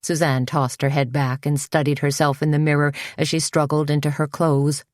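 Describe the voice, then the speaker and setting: Woman audiobook narrator, measured, low voice, dry close recording. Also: flat delivery, darkish tone, no echo. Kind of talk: scripted narration.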